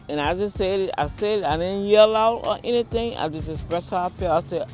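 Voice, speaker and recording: A woman with a voice of middle pitch tells viewers a story in a casual, animated way, acting out the people in it. She is outdoors in town, and faint music can be heard behind her. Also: brisk, few pauses.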